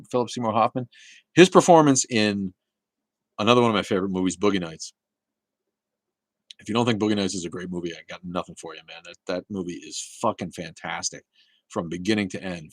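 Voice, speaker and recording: A man hosting a casual live talk show, rambling and swearing, with many halting restarts as he answers viewer chat. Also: low-pitched, no room sound, poor audio.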